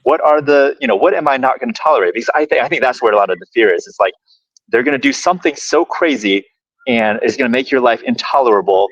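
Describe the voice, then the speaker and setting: A man co-hosting a podcast, speaking reflectively and somewhat haltingly in a casual discussion, with frequent fillers. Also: medium pitch, no echo, highs cut off. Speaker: podcast co-host.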